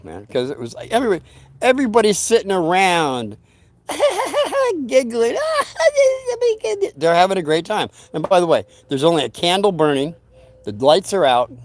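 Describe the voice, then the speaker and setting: A man's voice: on the high side, no echo. Rambling folksy man telling stories. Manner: meandering, self-interrupting, folksy asides. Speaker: channel host telling stories. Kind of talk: rambling casual storytelling.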